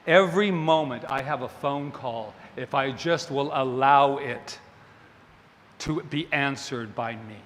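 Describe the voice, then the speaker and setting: A man giving a sermon as a minister, telling a story in an animated, playful way. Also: mid-range voice, a little slow. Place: spiritual center sanctuary. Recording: long hall reverb, faint ambience.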